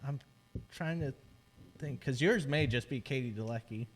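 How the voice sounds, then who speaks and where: A young adult man co-hosting a podcast in casual chat, telling stories in a relaxed way with restarts. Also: medium pitch, moderate pace. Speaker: podcast co-host.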